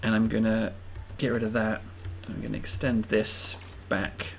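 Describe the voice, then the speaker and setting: A man's voice: fairly low pitch, little pitch movement, measured pace, vocal fry, a little hiss or hum. A man hosting a game video, giving casual, self-amused commentary and thinking aloud as he builds.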